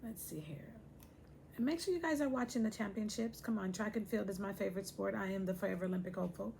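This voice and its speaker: A chatty, playful woman talks straight to her viewers in a casual show. Her voice has a gravelly, fry-edged texture at a middle pitch. A faint hiss of noise runs under it. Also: fast, darkish tone. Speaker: host. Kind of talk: casual talk to camera.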